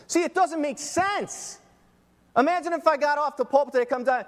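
A middle-aged man preaching a sermon as pastor, emphatic, swinging between loud and soft. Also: very high voice, lively intonation, fairly quick, long reverb tail. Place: church.

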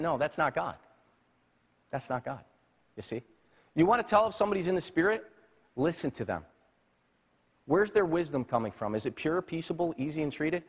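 A male pastor preaching a sermon, moving between quiet, low passages and loud, high-pitched emphatic bursts. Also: lively intonation, fairly quick, pauses often, breathy edge. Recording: long hall reverb.

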